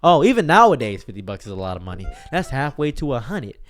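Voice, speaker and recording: A young man telling an absurd comic story in a deadpan, rambling way. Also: medium pitch, quick pace, soft background music. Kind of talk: comedic storytelling.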